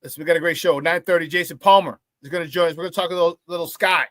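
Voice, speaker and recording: A man hosting a morning sports talk show, hyping up viewers in a playful, lively way and often breaking into laughter. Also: on the high side, racing, no echo. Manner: hype, playful, talks to the chat and laughs often. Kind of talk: upbeat morning show chat.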